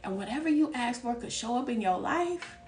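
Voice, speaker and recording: A woman giving a live tarot reading. She talks in a candid, lively way, laughs often and uses streetwise slang. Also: fairly high pitch, fairly quick, recorded from a distance, a little hiss or hum. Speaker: tarot reader. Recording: echoey room, voice a bit off-mic.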